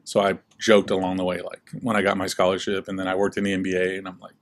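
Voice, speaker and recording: A young man with a slightly low voice tells his life story in a casual school interview. He is relaxed and chatty, leans on "like" a lot, and acts out the people he quotes. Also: fast talker. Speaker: guest speaker.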